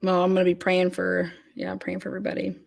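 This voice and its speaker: A woman's voice: lowish voice, completely flat delivery, fast, vocal fry. A woman hosting a casual livestream chat, talking loosely with many fillers and restarts as she reads comments. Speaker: host.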